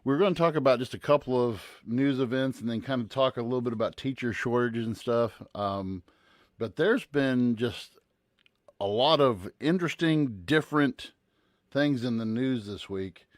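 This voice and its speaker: A man's voice: medium pitch, moderate pace, no echo, studio quality. A man who works as a teacher, co-hosting a podcast in an easygoing, casual way and laughing along. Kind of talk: casual chat.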